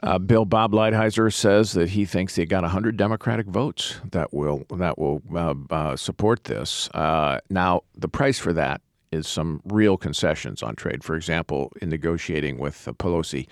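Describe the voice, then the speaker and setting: A hoarse man with a very low voice hosts a political talk podcast. He speaks haltingly, full of "uh"s and restarts. His voice sits close and dry on the mic, with no room sound. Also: no echo. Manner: halting, many fillers and restarts. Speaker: podcast host.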